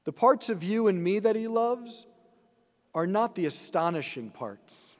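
Guy priest giving a chatty sermon, kinda high voice, big churchy echo. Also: lively intonation, unhurried. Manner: conversational preaching with rhetorical questions. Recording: long church reverb.

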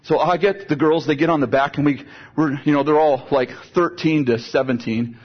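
A man preaching a sermon, telling a lively personal story and moving into prayer, with a husky voice. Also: fairly high pitch, moderate pace, muffled recording.

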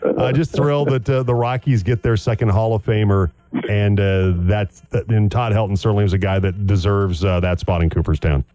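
A man's voice: fairly low pitch, steady tone, a little fast, warm tone, no room sound. A man hosting a sports radio talk show, chatting easily with guests in a studio. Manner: easygoing, with frequent fillers. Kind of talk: casual sports radio chat. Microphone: studio microphone.

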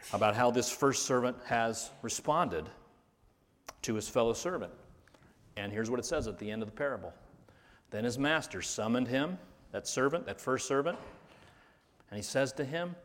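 A pastor preaching a sermon, earnest, rising to stress key words and then dropping low. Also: male voice, lively intonation, normal speed, long pauses. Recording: reverberant hall.

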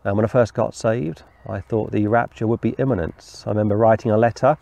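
Mellow-voiced man preaching informally. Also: fairly low pitch, fairly even intonation, a little fast, vocal fry, dry recording. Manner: rambling, conversational, with asides and restarts. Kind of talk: informal Bible teaching.

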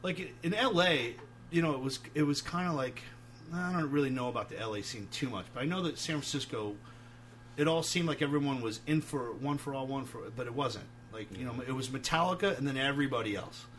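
Male guest from New York, casual storyteller, profane and animated, with faint noise behind him. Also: medium pitch, fairly quick. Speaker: guest, metal band singer.

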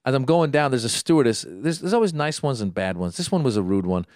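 A man telling a story in casual chat, animated, with quick restarts and stammers. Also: mid-range voice, no echo, studio quality. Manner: animated, acts out the people in his story. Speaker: guest.

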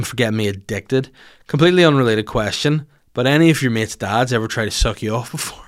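A man's voice: medium pitch, quick pace. A man in his thirties with a Northern Irish accent, hosting a podcast with a sweary, rambling, self-mocking comic rant. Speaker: podcast host.

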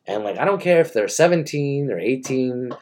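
A man's voice: mid-range voice, animated, normal speed, darkish tone. A man talking in a crude, rambling monologue full of restarts.

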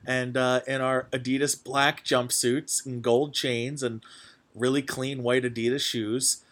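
A young man hosting a podcast, chatting casually and excitedly, with lots of fillers and restarts. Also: medium pitch, unhurried. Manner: rambling, full of fillers, excitable. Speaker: podcast host. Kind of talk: casual chat.

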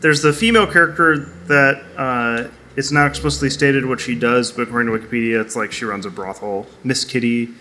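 A man's voice: mid-range voice, fairly even intonation, fairly quick, hardly any pauses, pushed and bright. A man co-hosting a podcast in casual chat, wry and hesitant, often trailing off. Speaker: podcast co-host.

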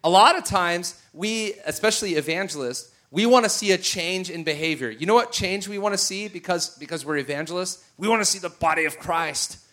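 A middle-aged man preaching a sermon, telling a personal story with animated bursts and occasional shouts. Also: high voice, fairly quick, hardly any pauses.

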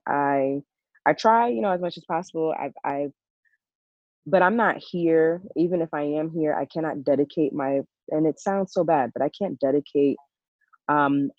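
A woman, a working parent, talking in a casual chat in a reflective, worried way, with many halting restarts. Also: low-pitched, dry recording, dull audio. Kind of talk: casual podcast conversation.

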